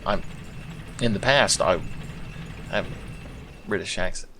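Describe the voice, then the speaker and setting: A man's voice: lowish voice, slow pace, fairly bright tone, a little hiss or hum. A man commentating his own gameplay with sarcastic, profane, rambling asides. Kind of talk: let's play commentary.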